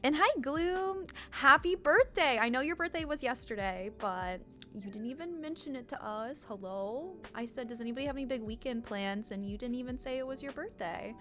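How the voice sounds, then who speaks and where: A woman's voice: a little high, animated, brisk, fairly bright tone. A woman streamer chatting casually on a live stream, bubbly, greeting viewers by name, often laughing and getting emotional.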